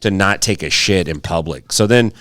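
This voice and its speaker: In a low-pitched but fairly bright voice, a man co-hosting a podcast tells a story at normal speed, with no room sound in the recording. He's casual, curses freely, and acts out the quotes.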